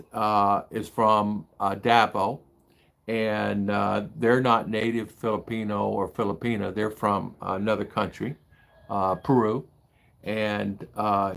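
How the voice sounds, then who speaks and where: A man's voice: lowish voice, vocal fry, fairly bright tone. An older American man hosting a casual livestream from the Philippines, talking in a rambling way that turns heated and indignant as he reads out viewer comments. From United States. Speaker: livestream host reading chat. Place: home in the Philippines.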